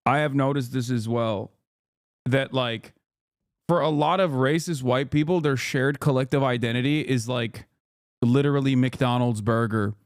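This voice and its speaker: Male streamer, mid-pitch, bluntly profane and casual over a dry, close mic. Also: moderate pace, no echo. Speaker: streamer reacting to a video. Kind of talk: casual live-stream commentary.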